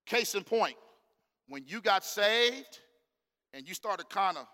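A middle-aged man preaching a sermon, animated and slang-filled, calling out to the congregation in a church. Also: sits high, slow, big-room sound. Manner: casual slang-filled delivery. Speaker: pastor. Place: church sanctuary.

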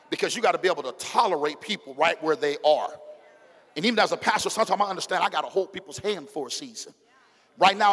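In a church sanctuary with long hall reverb, a middle-aged male pastor preaches a sermon in a high-sitting voice with an African American Vernacular English accent. He uses call-and-response and swings from hushed tones to shouting.

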